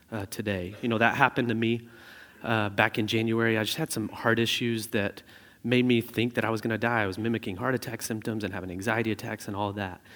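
Man preaching in a reverberant hall. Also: lowish voice. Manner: conversational preaching with animated storytelling asides. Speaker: pastor. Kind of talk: sermon.

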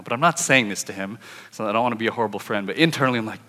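A man's voice: mid-range voice, rapid-fire. Young man telling a story in a hall. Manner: lively, animated, acts out his inner thoughts. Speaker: speaker telling a testimony. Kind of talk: sermon-style storytelling.

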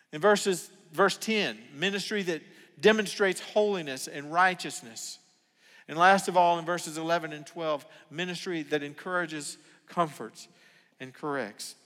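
An older man preaching a sermon as pastor, earnest, dropping to a hush and then rising to emphatic points. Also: on the high side. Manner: earnest, swings from hushed to emphatic. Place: church sanctuary. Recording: long hall reverb.

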